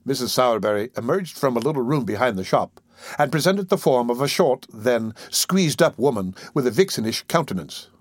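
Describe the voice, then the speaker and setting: A man narrates a classic novel in a measured, formal way at a middling pitch. The recording is dry and close, with no room sound. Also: expressive, dry recording.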